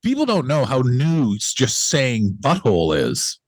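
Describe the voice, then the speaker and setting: A man's voice: medium pitch, huge pitch swings, measured pace, no room sound. Playfully opinionated man, dry sound. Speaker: podcast co-host. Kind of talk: casual comedic podcast banter.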